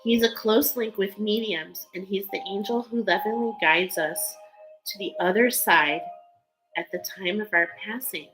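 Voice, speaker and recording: A woman's voice: medium pitch, a little slow, music in the background, poor audio. A woman giving a spiritual card reading in an earnest, emotional way, reading card texts aloud between loose, filler-filled remarks. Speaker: tarot card reader.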